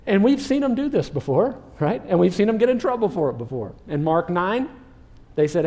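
A male pastor delivering a sermon in a dark, mellow voice that sits fairly high for a man. He preaches with animation and now and then acts out what people in the story say. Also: big pitch swings, a little fast.

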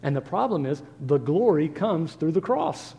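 A man's voice: fairly high pitch, sing-song, moderate pace, gravelly, mellow, big-room sound. A man preaching a sermon as pastor, earnest and full of rhetorical questions.

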